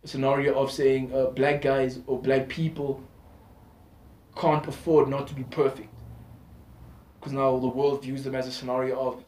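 A man's voice: mid-range voice, little pitch movement, moderate pace, pauses often, darkish tone. A man chatting casually on a podcast, slangy and talkative, often restarting his sentences. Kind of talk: casual chat. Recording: echoey room.

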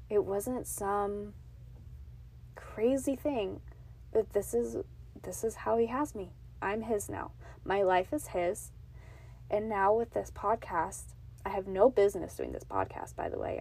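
A woman's voice: medium pitch, creaky, darkish tone, breathy edge. A woman in her thirties hosting her own podcast from a home closet, telling her faith testimony in an earnest, emotional, confiding way. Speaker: podcast host. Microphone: podcast mic on a box.

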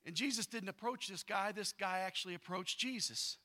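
A man preaching with a bright, forceful voice that sits a bit high for a man. He swings between loud, pressing bursts and hushed asides as he reads scripture and talks to his congregation in a casual way. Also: normal speed. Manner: casual slang and repetition. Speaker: pastor. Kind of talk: sermon.

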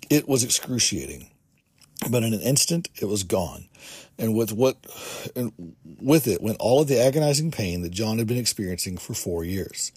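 A podcast host with a husky, darkish, mid-range voice reads aloud from a book earnestly, adding his own remarks along the way. There are small restarts, and no room sound.

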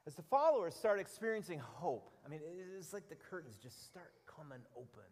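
A middle-aged man preaching a sermon with animated storytelling, often repeating words as he goes. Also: a little high, fairly quick, husky, big-room sound. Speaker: pastor.

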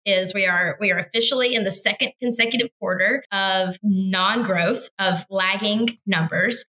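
Bright-voiced wry female podcast co-host. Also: mid-range voice, poor audio. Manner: wry and joking, laughs between points. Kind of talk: casual political chat.

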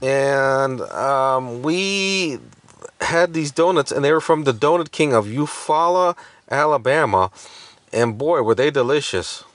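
A man's voice: mid-range voice, expressive, takes it slowly, no room sound. A man rambling through a casual podcast chat, joking and full of fillers. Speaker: podcast co-host.

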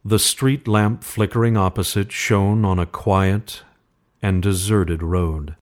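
Brief: male storyteller, lower register, measured and suspenseful narration. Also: steady tone. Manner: slow, measured, suspenseful reading. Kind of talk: scripted horror story narration.

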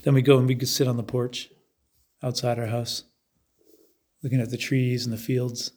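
Male preacher, mid-pitch, casual and vivid, guiding a spoken meditation. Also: little pitch movement, moderate pace, a little mellow. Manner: conversational, vivid storytelling, acts out crowd chants and voices. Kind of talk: guided meditation talk.

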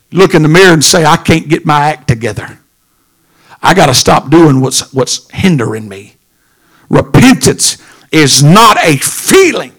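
A pastor preaching a sermon, swinging from low murmurs to shouted lines. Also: male voice.

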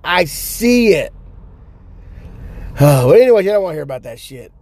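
A man's voice: fairly high pitch, big pitch swings, moderate pace, a little mellow, slightly rough. A man rambling through a story from his car, cursing a lot and stumbling over his restarts. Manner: profane, stammering restarts. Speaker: vlogger telling stories. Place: car stuck in traffic. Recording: road noise from traffic.

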